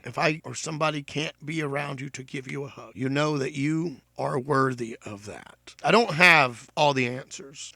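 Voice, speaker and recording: Earnest man with a bright voice. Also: fairly high pitch, gravelly, no echo, clean studio sound. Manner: earnest, repeats himself, addresses listeners as folks. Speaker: podcast host. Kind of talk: heartfelt solo monologue.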